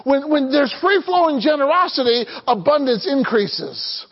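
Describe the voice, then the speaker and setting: A man's voice: very high voice, big pitch swings, a little slow, lo-fi sound. A man preaching a sermon as pastor, calling out to the congregation and prompting them to answer back. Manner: call-and-response preaching, asks the congregation to answer.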